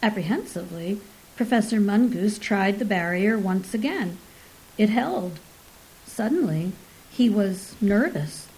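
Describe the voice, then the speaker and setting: A woman narrating a story in a measured, even reading. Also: mid-range voice, rough recording.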